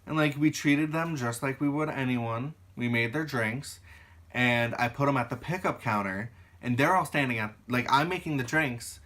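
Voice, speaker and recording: A young man telling work stories casually on his channel, animated and swearing freely as he acts out arguments. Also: mid-range voice, normal speed. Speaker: YouTuber. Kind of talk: casual storytelling.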